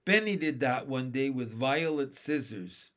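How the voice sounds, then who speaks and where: A man's voice: medium pitch, expressive, a little slow, a bit bright. A man voicing an earnest older boy. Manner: polite, explaining. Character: earnest sensible older brother.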